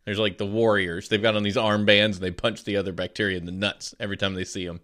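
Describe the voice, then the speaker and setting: A man co-hosting a podcast, chatting casually in a goofy, excitable way and laughing easily. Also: fairly low pitch, quick pace. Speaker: podcast co-host. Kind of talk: casual chat.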